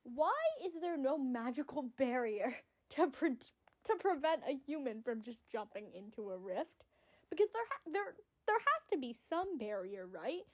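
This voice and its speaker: A woman giving casual, excitable fan commentary on a story, rambling and swearing freely. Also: sits high, normal speed. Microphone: audio-only recording.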